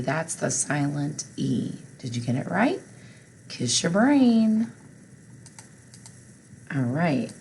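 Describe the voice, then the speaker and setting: Low-voiced lady teacher, slow and patient, spelling words out for kids, bit of hiss behind. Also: mellow, rough recording. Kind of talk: phonics spelling lesson for children.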